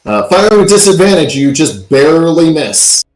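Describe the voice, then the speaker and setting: Male game master, fairly high voice, roomy echoey sound, easygoing narration. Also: sing-song, moderate pace, faint music behind. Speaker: dungeon master.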